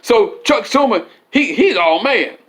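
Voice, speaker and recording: A man's voice: high voice, lively intonation, measured pace, a bit bright. A man giving a rambling comedic political monologue, often laughing and repeatedly asking whether you follow him. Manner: repetitive, keeps asking "you see what I'm saying"; laughs often at his own jokes.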